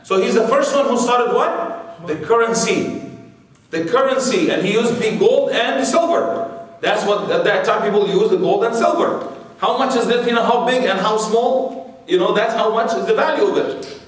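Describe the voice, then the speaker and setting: A man's voice: sits high, moderate pace. A man giving a religious history lecture to an audience, chatty and digressive, full of "you know" and rhetorical questions. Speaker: Islamic lecturer. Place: large room with a live audience. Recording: very echoey hall, mic far off.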